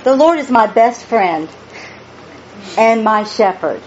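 A woman's voice: on the high side, animated, takes it slowly, darkish tone, lo-fi sound, a little hiss or hum. Woman teaching Bible study, repeating herself. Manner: repeats phrases for emphasis; reads scripture aloud and explains it.

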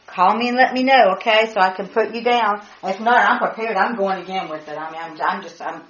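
A woman leading a Bible study, excited and animated, spelling out words and laughing as she teaches. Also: medium pitch, brisk. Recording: echoey muffled room audio.

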